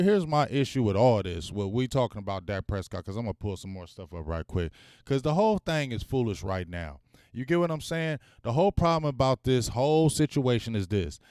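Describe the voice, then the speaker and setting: A man's voice: mid-range voice, clean tone, dry recording, studio quality. A man hosting a live-streamed sports talk show, speaking in casual slang and calling out to his viewers. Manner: animated, talks straight to viewers, casual slang.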